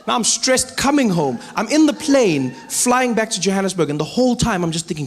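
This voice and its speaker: A man from South Africa performs stand-up with a South African accent, animated and storytelling. His voice sits fairly high, with faint ambient noise behind him. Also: brisk, few pauses. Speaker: stand-up comedian. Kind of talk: stand-up comedy.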